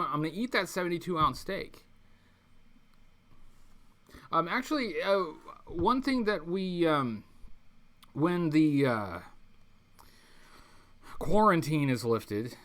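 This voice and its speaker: A man's voice: a little high, fairly bright tone. A man hosting a casual livestream, rambling with many ums and restarts and reading viewer comments aloud. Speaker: livestream host. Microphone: webcam mic.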